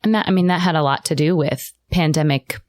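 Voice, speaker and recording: Low-voiced earnest woman. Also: a little fast, darkish tone, no echo, studio quality. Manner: earnest, speaks openly about faith. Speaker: podcast co-host. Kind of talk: casual chat.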